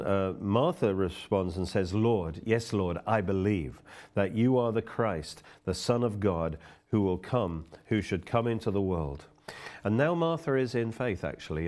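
A man's voice: fairly low pitch, darkish tone. A middle-aged man preaching a sermon, fervently reading and explaining scripture.

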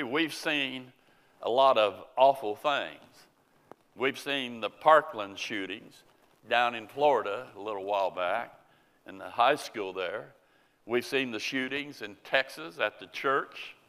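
A man preaching a sermon in a slow, earnest way, reading scripture aloud. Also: mid-range voice, bright, forceful tone. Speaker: pastor. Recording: long church reverb.

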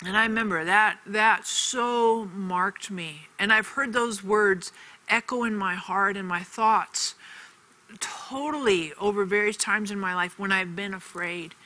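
A woman's voice: mid-range voice, unhurried, bright, forceful tone, low-quality recording. A woman giving an earnest televised faith teaching, telling a personal story and repeating phrases for emphasis. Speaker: TV ministry teacher.

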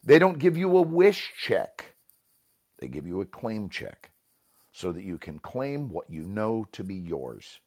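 A man, an improv teacher, explaining a game in a talk show conversation, at times chanting in rhythm. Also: lowish voice. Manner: animated, rhythmic chanting and snapping; occasional coughs, pauses to sip water.

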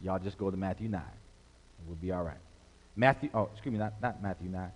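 A man's voice: deep voice, quick pace, breathy edge. A man preaching a sermon as pastor, working the congregation with call-and-response and stretched-out emphasis. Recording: long hall reverb.

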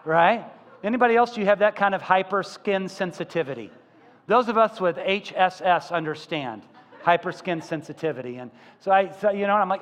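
Animated pastor preaching in a reverberant hall. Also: male voice, high voice, moderate pace. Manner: animated storytelling, acting out quoted voices. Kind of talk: sermon. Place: church sanctuary. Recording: church hall with long reverb.

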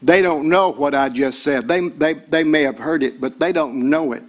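An older man, preaching a sermon as pastor. He repeats words and builds to shouted excitement. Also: fairly high pitch, moderate pace, highs cut off.

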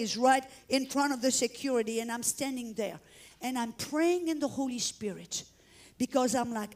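A middle-aged woman preacher telling a dramatic testimony in a sermon, acting out the shouts and prayers she tells of. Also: high voice.

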